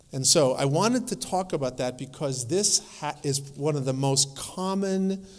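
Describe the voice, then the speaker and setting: A man lecturing at a conference, telling anecdotes in a lively way and acting out the voices of the people in his stories. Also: mid-range voice, big-room sound. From North Dakota.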